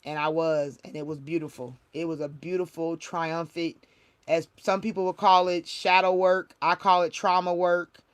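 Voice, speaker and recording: With a lowish voice, little pitch movement, and a moderate pace, a spiritual reader hosting a livestream offers a casual, heartfelt spiritual testimony. Her telling is emotional and repetitive, full of restarts.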